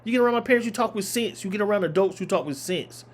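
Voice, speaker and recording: A man delivers heated reaction commentary. His voice sits fairly high and he drives each point home by saying it again. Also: very fast. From Southern United States. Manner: emphatic, repeating points for force. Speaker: reaction video host. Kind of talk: opinionated commentary.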